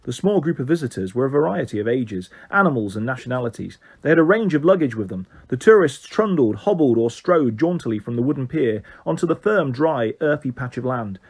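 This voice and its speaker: A man reading a children's story aloud, expressive and animated as the storyteller. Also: mid-range voice, brisk, hardly any pauses, breathy edge.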